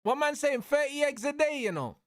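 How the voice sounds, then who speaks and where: A young man calls a fight live for his stream, excitable and full of slang, barking at the referee. His voice sits high, and the sound is close and dry with no room around it. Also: brisk, dry recording. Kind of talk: live fight watch-along commentary.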